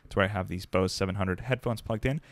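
A young man giving an upbeat, conversational product review to camera from his home desk, speaking close into a desk mic on a boom arm. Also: fast, dry recording. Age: young adult. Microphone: dynamic desk mic on a boom arm, close.

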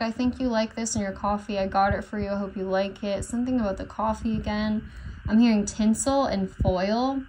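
A woman's voice: medium pitch, darkish tone, poor audio. Woman, tarot reader, loose channeling monologue, meandering and hesitant, faint hiss behind. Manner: rambling, unsure, many fillers and self-corrections.

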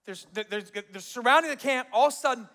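Very high-pitched and gravelly, this pastor's voice runs a little fast during his sermon in a large church auditorium. He acts out quotes within his lively storytelling and laughs frequently.

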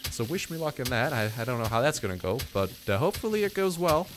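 A man's voice: medium pitch, big pitch swings, fast, background noise. A young man giving rambling, self-mocking commentary while playing a survival game. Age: young adult. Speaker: gaming YouTuber. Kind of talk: casual let's-play commentary.

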